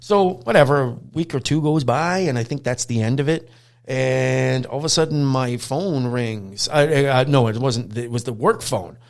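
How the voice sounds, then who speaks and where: A middle-aged man, hosting a podcast and telling a story in a casual, animated way, acting out quotes and swearing now and then. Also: medium pitch, normal speed. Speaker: podcast host, dog trainer.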